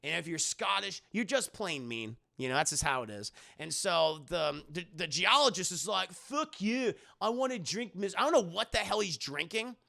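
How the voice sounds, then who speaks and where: A man's voice: fairly high pitch, lively intonation, moderate pace, creaky, hardly any pauses, pushed and bright. A young man talking loosely through a film review for his live chat, rambling and swearing, and sometimes mocking lines from the film in put-on voices. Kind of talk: casual spoken film review.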